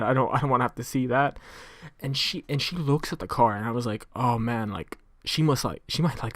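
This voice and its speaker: A man's voice: mid-range voice, fairly bright tone, no room sound, clean studio sound. A young man co-hosting a podcast, telling stories in a rambling, casual way with lots of fillers. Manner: rambling storyteller, full of fillers, laughs while telling. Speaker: podcast co-host.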